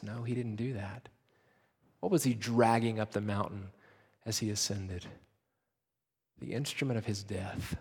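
A man preaching a sermon with passion, rising to loud emphasis and dropping to hushed, intimate lines. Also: fairly low pitch, husky, in a large hall. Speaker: pastor.

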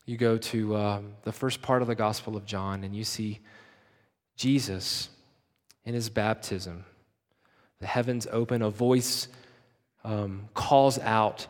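A man's voice: on the low side, fairly even intonation, slow. Impassioned male preacher in a reverberant hall. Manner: impassioned, swinging between loud emphasis and hushed intimacy. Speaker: pastor. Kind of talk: sermon.

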